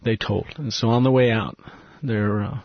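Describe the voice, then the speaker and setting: A man, a missionary guest in an interview, telling an earnest, emotional story and dropping to a hushed voice at tender moments. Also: on the low side, normal speed, dry recording, lo-fi sound.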